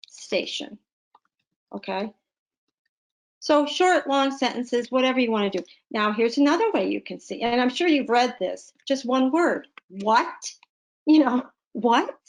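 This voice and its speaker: A woman teaching a punctuation lesson, explaining patiently with playful emphasis. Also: on the high side. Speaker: literacy teacher. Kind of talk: classroom lesson.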